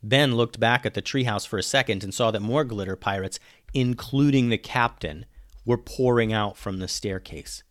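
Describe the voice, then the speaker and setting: A man reading a children's adventure story aloud, lively, dropping low and quiet on the narration tags. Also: moderate pace, dry recording, clean studio sound.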